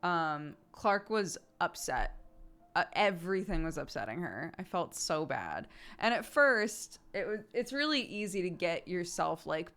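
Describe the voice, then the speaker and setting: A chatty woman in her thirties tells a long story to her stream chat from her home desk mic. Her voice is bright and edged, and it jumps around a lot in pitch. She rambles and leans on fillers. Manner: rambling anecdote with many fillers and acted quotes.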